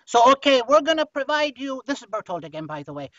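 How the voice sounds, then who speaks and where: A man's voice: very high voice, big pitch swings, quick pace, bright, forceful tone, no room sound, exaggerated voice. A man voicing a playful, mischievous young male sidekick character who co-hosts a podcast, teasing the guest and spinning silly stories. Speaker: co-host. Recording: dry, slightly muffled podcast audio.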